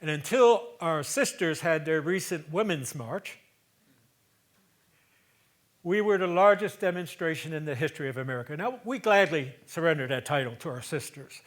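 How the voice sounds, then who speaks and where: On stage, a man in his seventies delivers a theatrical storytelling monologue, shifting between loud emphasis and hushed asides in a conversational way. His voice is fairly high and expressive, moving at a normal speed.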